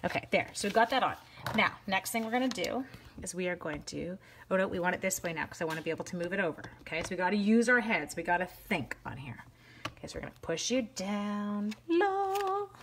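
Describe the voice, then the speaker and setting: A woman's voice: on the low side, animated, fast, fairly bright tone, a little hiss or hum. A woman demonstrating card stamping live, talking each step through in a chatty, bubbly way and addressing viewers by name. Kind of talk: casual live crafting demo.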